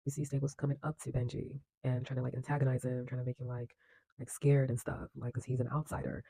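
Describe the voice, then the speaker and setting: Husky-voiced man recapping a film. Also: medium pitch, little pitch movement, quick pace, warm tone, no echo, rough recording. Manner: loose and chatty, many fillers, laughs while retelling; acts out characters' lines with bursts of energy. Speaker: film reviewer.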